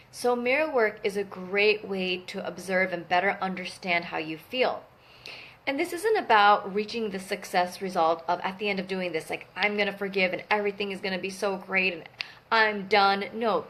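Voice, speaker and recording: A young adult woman talking casually to camera about her personal practice, earnest and gentle, often stopping to correct her own words. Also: medium pitch. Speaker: wellness vlogger.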